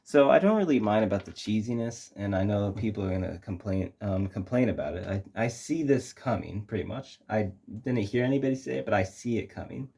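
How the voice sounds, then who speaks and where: A young man with a low, mellow voice talks through a movie review. He rambles casually, full of ums, likes and restarts. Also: expressive, fairly quick, gravelly, hardly any pauses, slightly rough. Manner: rambling, many fillers and restarts.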